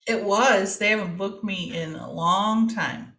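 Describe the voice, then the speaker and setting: Female comic guest, mid-pitched, slow, nervous self-deprecating humor. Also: fairly bright tone. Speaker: comedian guest. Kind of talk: casual chat.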